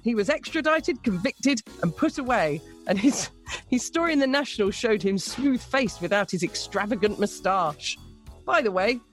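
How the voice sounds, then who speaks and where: Radio co-host lady reading out a listener story, bouncy animated voice, soft music behind. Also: a little high, normal speed. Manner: lively, amused storytelling, laughing between lines.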